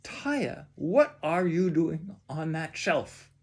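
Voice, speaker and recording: A man's voice: a little high, sing-song, drawn-out words, husky, full character voice. A man voicing a fond but stubborn father in a storybook. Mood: calling.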